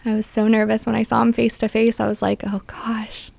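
A woman's voice: a little high, completely flat delivery, quick pace, gravelly, a little mellow, no room sound. A young adult woman sharing a personal faith testimony as an interview guest, earnest and full of "like" fillers.

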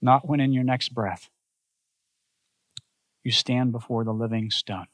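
A woman's voice: extremely low pitch, moderate pace, no room sound. A middle-aged woman pastor giving a sermon in an emphatic, repetitive preaching cadence.

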